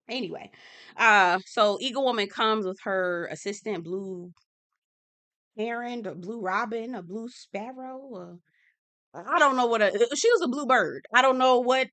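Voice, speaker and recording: A sassy woman with a lilt, talking through a reality show recap in an easy, gossipy way. Her voice is bright and forward. She talks at home in her office. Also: mid-range voice, moderate pace. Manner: sassy and expressive, slangy asides. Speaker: TV recap host.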